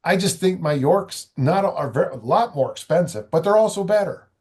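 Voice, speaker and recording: A man's voice: on the high side, lively intonation, moderate pace, a little mellow. An older man, a strength coach and author, talking casually in an interview, rambling with many restarts and asides.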